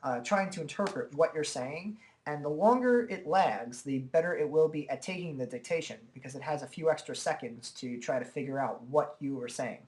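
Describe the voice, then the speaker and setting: A man giving a relaxed, chatty walkthrough of software at his computer, talking into a desk microphone and filling pauses with "uh" and "okay". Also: fairly high pitch. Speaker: software tutorial presenter. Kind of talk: casual screen-recorded software demo.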